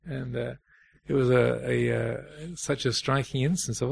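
A man giving a reflective Dharma talk as a meditation teacher, pausing often and restarting his phrases. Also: mid-range voice, level tone, gravelly, husky. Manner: reflective, halting, many fillers and restarts.

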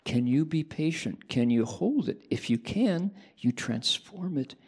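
A man doing a gentle, advising monk. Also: fairly high pitch, expressive, measured pace, breathy edge, pitched above the performer's own voice, full character voice. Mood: reassuring. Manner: gentle, reassuring. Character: calm, kindly male Buddhist monk giving advice.

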